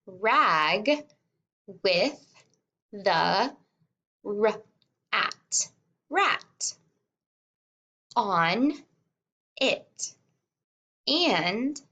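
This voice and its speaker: Slow, patient kindergarten teacher woman. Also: medium pitch, muffled recording. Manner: reads word by word, repeating and sounding out words; gentle, encouraging teacher voice. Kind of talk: slow read-along lesson for young children.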